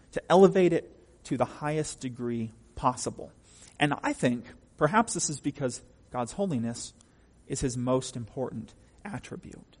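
Husky preacher in a reverberant hall. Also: male voice, mid-range voice. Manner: emphatic, asks the congregation questions. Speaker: pastor. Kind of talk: sermon.

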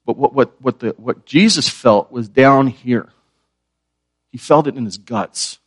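A man's voice: medium pitch, unhurried, breathy edge, dry recording. A man preaching a sermon, asking his listeners questions and repeating key words. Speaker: pastor.

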